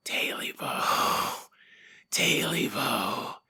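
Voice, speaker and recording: A man voicing a vengeful giant black cat monster in whispered role-play, with a slow, eerie, drawn-out whisper. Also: mid-range voice, animated, sharp tone, slightly rough, pitched below the performer's own voice, full character voice.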